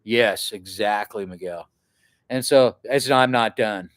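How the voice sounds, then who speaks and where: A man vlogging to camera, telling a rambling, profane camping story in a casual way and acting out what other people shouted. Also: lowish voice, slow pace, no echo, clean studio sound. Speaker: outdoor adventure vlogger.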